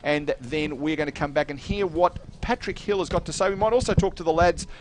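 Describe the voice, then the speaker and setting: A man calling a football match on local radio, chatty and jokey, sending greetings to listeners between quick calls of play. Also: fairly high pitch. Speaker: play-by-play commentator. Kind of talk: radio sports commentary.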